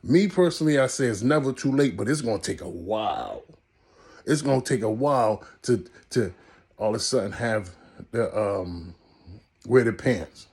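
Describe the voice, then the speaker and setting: A man hosting a storytelling vlog, animated and laughing as he tells a story and talks to his viewers. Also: fairly low pitch, normal speed, breathy edge. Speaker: podcast host.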